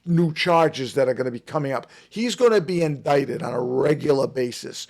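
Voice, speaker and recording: Emphatic gravelly man telling a story. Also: mid-range voice, normal speed. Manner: emphatic, animated storyteller, repeats himself. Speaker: podcast guest. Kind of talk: casual storytelling.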